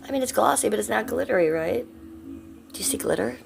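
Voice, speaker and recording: A woman's voice: a little high, animated, fast, gravelly, faint music behind. A middle-aged woman from Ohio chatting casually on a live stream, blunt and profane, reading out and answering her chat. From Cleveland, Ohio, USA.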